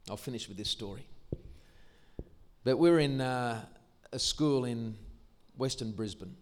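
An older Australian man, a Christian musician and speaker, gives a testimony sermon in church. He tells his story enthusiastically in a medium-pitched voice at an unhurried pace.

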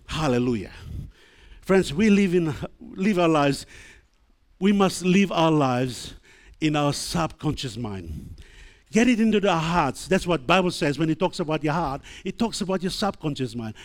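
A man's voice: fairly high pitch, animated, measured pace. A man preaching a sermon in an emphatic, call-and-response style, quoting scripture and repeating hallelujahs. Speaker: pastor.

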